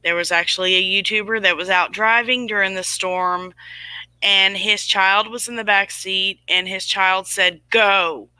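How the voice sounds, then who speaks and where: A rambling, emphatic livestream host in their forties talks straight to viewers and stops to answer chat comments. The voice is very bright and crisp. The sound is dry and close, with no room around it. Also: mid-range voice, fairly even intonation, measured pace, dry recording, poor audio. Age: 40s. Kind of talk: casual livestream talk to viewers.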